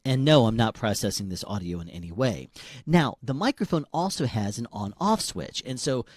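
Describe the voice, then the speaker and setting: Lively-voiced man reviewing a microphone. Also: medium pitch, normal speed, no room sound. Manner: conversational, demonstrating into different mics. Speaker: product reviewer. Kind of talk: casual product review demonstration. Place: small room at home with loud fans. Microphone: handheld dynamic microphone, close.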